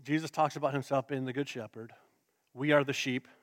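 A man's voice: mid-range voice, steady tone, a little fast, a bit bright. A man preaching a sermon, joking with the congregation and asking it questions. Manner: playful, interactive, joking with the congregation. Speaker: pastor. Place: church sanctuary.

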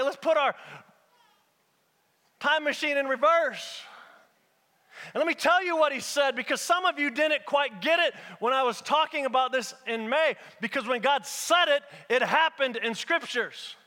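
A man with a high-pitched, squeaky voice preaching a sermon, speaking to the congregation directly in rhythmic, repeated phrases with touches of humor. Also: pushed and bright, big-room sound.

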